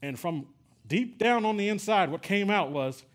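A man's voice: high voice, animated, moderate pace. Middle-aged man preaching in a storytelling way. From San Antonio, Texas. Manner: conversational storytelling with frequent fillers and restarts. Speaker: pastor. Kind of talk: sermon.

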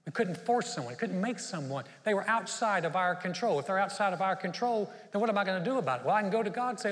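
A man's voice: high-pitched, fast talker, hardly any pauses. Man preaching a sermon in a reverberant hall. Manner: animated storytelling, acts out dialogue. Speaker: pastor.

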